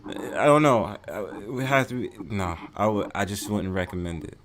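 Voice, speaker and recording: A man chatting as a guest on a casual stream, soft-spoken and laid-back, often trailing off. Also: fairly low pitch, lively intonation, normal speed. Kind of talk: casual group chat on a call.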